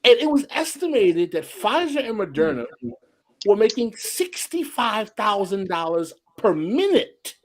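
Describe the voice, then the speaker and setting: Male podcast co-host, lively swooping voice, fairly high, keeps restarting, casual chat. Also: a little slow. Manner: animated, with frequent restarts.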